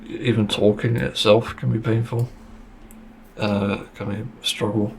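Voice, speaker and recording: A man with a low-pitched, gravelly voice talks through a casual solo podcast monologue. He speaks bluntly and swears freely, and slips into sarcasm now and then. Faint ambient noise sits behind him. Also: level tone, a little slow, darkish tone. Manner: blunt and sweary, with a frank complaining tone; sarcastic at times. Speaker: podcast host.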